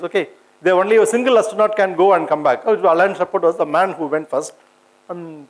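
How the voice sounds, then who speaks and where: This man's voice sits on the high side, and the recording is rough. A senior scientist with an Indian English accent, he gives an informal public science lecture, hesitating with lots of fillers and restarts while conversationally putting questions to his audience.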